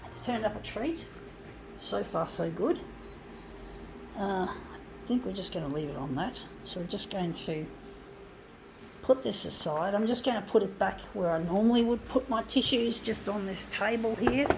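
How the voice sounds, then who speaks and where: A woman's voice: mid-range voice, moderate pace, background noise. A woman, rambling chattily to viewers as she crafts at home and calling them "folks". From Guam. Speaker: vlogger. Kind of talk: casual crafting vlog. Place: home lounge room with a fan.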